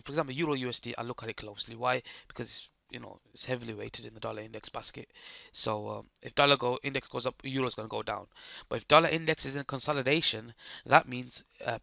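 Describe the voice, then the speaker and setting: A man with a hoarse, croaky voice giving live trading commentary, explaining chart steps and checking that the viewers follow. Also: mid-range voice, sharp tone, no room sound, clean studio sound. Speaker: trading streamer.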